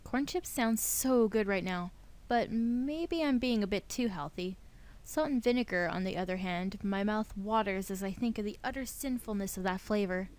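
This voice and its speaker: A young woman hosting a let's play, reading a visual novel's narration aloud in a playful, expressive way. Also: medium pitch, moderate pace, smooth.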